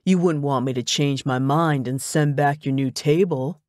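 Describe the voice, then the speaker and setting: A woman's voice: low-pitched, normal speed, a little mellow, no room sound, clean studio sound, natural voice. A woman voicing a smug, pushy young ex-boyfriend who talks in a sing-song voice. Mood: wheedling.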